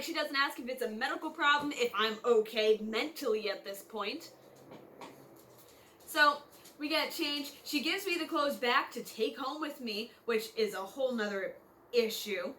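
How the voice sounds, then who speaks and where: A young woman telling a personal story as a casual vlogger, chatty and full of fillers, acting out what people said. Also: high-pitched. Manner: chatty, filler-heavy, acts out quotes in lively voices.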